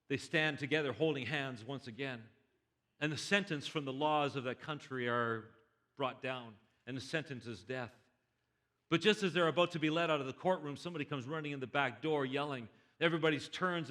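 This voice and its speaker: A man's voice: medium pitch, fairly bright tone. A man preaching a sermon as a pastor, telling a story with animation and stammered restarts. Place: church.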